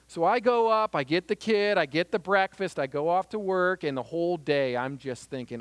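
A man with a fairly high, very animated voice teaches about handling conflict, earnest and conversational. He slips into small stories from his own home. The sound is close and dry. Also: brisk, hardly any pauses, clear, resonant tone, no echo. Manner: earnest and lively, acts out little scenes. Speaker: Christian teacher on marriage conflict.

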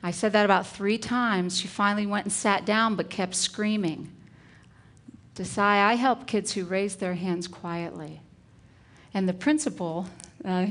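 Woman, middle-aged, teacher, parenting workshop talk, calm firm example phrases. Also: medium pitch.

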